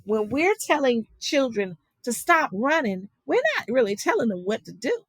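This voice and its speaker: A woman's voice: fairly high pitch, big pitch swings, normal speed, few pauses, dry recording, poor audio. A woman teaching a virtual class on guiding young children, talking in a conversational way with many fillers and frequent "okay?" checks. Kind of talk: virtual lecture on child guidance.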